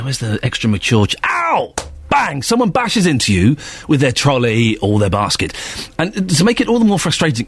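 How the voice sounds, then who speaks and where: A man hosting a radio phone-in in a playful, animated, jokey way. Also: fairly high pitch, slightly rough, no room sound.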